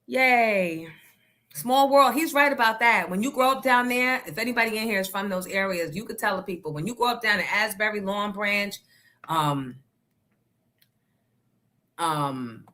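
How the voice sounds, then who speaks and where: Outspoken NJ woman, livestream host, bright and forceful delivery. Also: mid-range voice, normal speed, pauses often. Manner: outspoken, talks back to the chat. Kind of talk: casual livestream chat.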